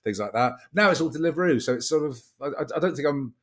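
A man's voice: a little high, lively intonation, fast talker, fairly bright tone. A man, a podcast guest, chatting casually and rambling with self-deprecating stumbles and repeated words. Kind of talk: casual comic chat.

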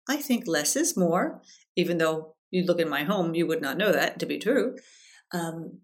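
A middle-aged woman hosting a podcast as a life coach, chatting casually, telling stories and guiding a breathing exercise. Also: fairly low pitch. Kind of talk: casual solo podcast talk.

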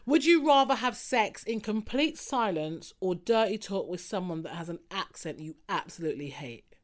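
A woman's voice: mid-range voice, lively intonation, normal speed. A woman hosting a podcast, chatting casually and teasing her co-host. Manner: cheeky, teasing, laughs often. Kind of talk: casual chat.

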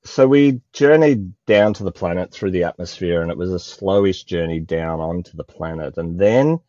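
A man's voice: deep voice, moderate pace, dark tone, dry recording, lo-fi sound. An Australian man talking emotionally in a spiritual conversation, often searching for words. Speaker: guest.

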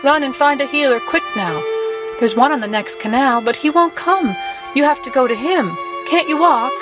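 A woman's voice: high voice, normal speed, pitched above the performer's own voice, natural voice. Brief: a woman voicing a bleeding young guardsman, urgent and begging, with music behind. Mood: urgent panic. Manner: urgent, pleading, cursing. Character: panicked wounded young male guardsman, crude.

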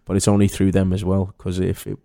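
A man's voice: sits low, completely flat delivery, fairly quick, gravelly, dark tone. A man with a Liverpool accent, an actor talking as a guest in a casual interview, telling chatty stories. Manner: chatty storyteller, acts out others' voices.

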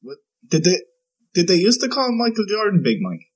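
A man's voice: high-pitched, very animated, moderate pace, husky. An Irish man on a podcast, chatting casually and throwing in dry, teasing quips. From Ireland. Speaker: podcast co-host.

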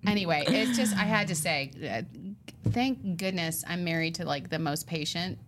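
A woman's voice: lowish voice, moderate pace, background noise. A middle-aged woman on a casual chat show, telling a story with lots of energy. She acts out every quote and swings her voice up and down as she goes. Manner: animated retelling, acting out quoted voices. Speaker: podcast co-host.

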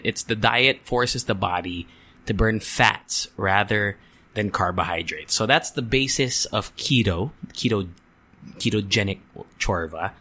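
Young guy rambling on his podcast, bright voice, swears a bit. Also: fairly low pitch. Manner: frustrated, rambling, swears, mixes in Tagalog words. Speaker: podcast host. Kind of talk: casual solo podcast chat.

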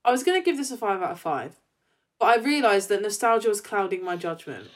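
Woman co-host, mid-pitched, cheerful, emphatic, casual. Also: sing-song, fairly quick. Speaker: podcast co-host. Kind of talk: casual chat.

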